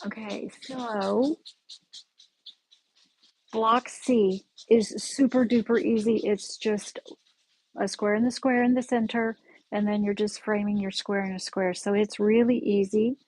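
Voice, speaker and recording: A woman hosting a casual live-stream quilting lesson from her sewing room, chatty and friendly, often pausing to correct herself. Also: medium pitch, steady tone, darkish tone, low-quality recording. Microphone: camera in the room, with her stepping back from it.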